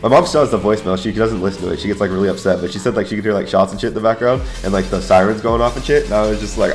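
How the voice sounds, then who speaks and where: A young man telling a wild story in a slangy, profane, excitable way, often calling his listeners bro. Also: on the low side, very fast, hardly any pauses. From United States. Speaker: YouTuber and Air Force veteran. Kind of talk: casual storytelling.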